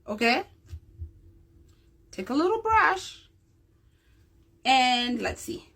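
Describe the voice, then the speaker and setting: A woman's voice: sits high, very animated, drawn-out words, creaky, fairly bright tone. A woman giving a casual, unscripted demonstration to her viewers, often stopping to check in with them. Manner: chatty and unscripted, with fillers. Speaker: presenter demonstrating a craft.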